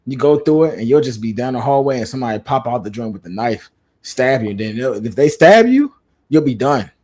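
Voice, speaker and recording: A man's voice: medium pitch, brisk. Laid-back man hosting a chat show. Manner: animated storytelling, acts out quotes, laughs often. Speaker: podcast host. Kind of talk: casual chat.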